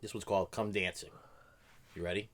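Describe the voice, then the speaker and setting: A man's voice: sits low, steady tone, a little fast, fairly bright tone, a little hiss or hum. A middle-aged man hosting a react video, chatting casually and rambling with many fillers and restarts. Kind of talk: casual chat.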